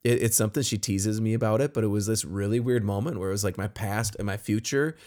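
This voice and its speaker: Man, lowish voice, earnest podcast co-host who tells warm stories and laughs often. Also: quick pace. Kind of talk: casual podcast chat.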